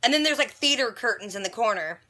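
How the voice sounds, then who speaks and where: A woman vlogger recapping a TV episode in a chatty, animated way, exclaiming in disbelief at the twists. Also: a little high, quick pace. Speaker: TV reaction vlogger.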